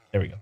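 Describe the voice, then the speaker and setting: A man's voice: a little mellow, lo-fi sound. A man live streaming a game, chatting casually, answering viewers and talking to the animals in playful broken baby-talk. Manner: answers chat messages aloud while playing.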